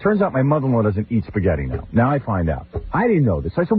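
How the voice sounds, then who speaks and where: A man hosting a radio show, telling comic stories in an animated, exasperated rant and mimicking his relatives. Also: medium pitch, fast talker. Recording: tinny phone-like old radio recording with faint hiss.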